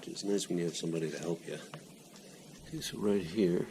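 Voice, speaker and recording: A middle-aged man with a very low voice explains a motorcycle repair step by step while he works. He is breathing hard the whole time, and his speech stays plain and practical. The home garage recording has a lot of noise behind him. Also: a little fast. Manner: plain-spoken, talks while working with his hands. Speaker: home mechanic. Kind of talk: casual how-to demonstration.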